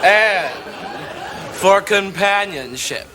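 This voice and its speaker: An actor playing a flamboyant, vain and catty gay socialite, delivering a theatrical sketch comedy monologue. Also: male voice, high voice, animated, extremely slow, over a noisy crowd, heavy background noise, heavily acted. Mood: arch. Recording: music bed under the voice.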